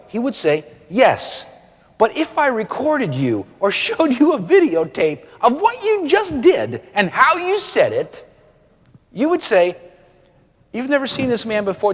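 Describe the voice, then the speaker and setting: A man preaching a sermon with animated delivery, acting out quoted voices and drawing out key words. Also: sits high, in a large hall.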